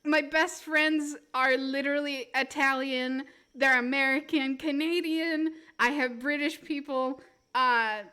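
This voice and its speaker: Giggly woman, high and bright. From Sweden. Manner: giggly, joking, rambling. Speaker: streamer. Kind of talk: casual live-stream chat.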